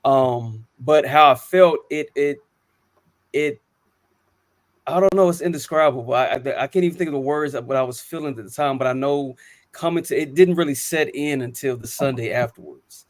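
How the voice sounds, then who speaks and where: Earnest, halting man sharing stories. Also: medium pitch, dry recording. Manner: earnest, halting, many restarts and ums. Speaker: co-host. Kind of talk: reflective personal storytelling.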